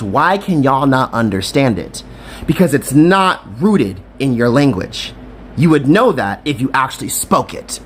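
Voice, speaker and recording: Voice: medium pitch, a little hiss or hum. A speaker from Virginia explains the history of a dialect to camera in a firm, lecturing way, with pointed rhetorical questions. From Virginia, USA. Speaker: commentator.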